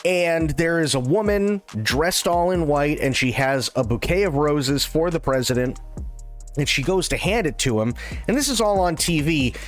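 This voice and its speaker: An irreverent man on a live stream retells a film with lots of swearing and sarcasm. His voice sits fairly high and swings widely in pitch, with faint music underneath. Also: lively intonation, moderate pace.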